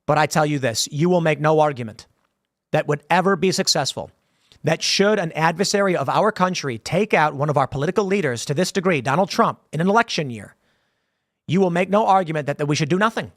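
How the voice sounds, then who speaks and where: A man's voice: on the high side, animated, fairly quick, no echo, clean studio sound. A man giving an emphatic political opinion monologue, restarting phrases often and acting out quoted voices as he talks. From United States. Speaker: political commentator.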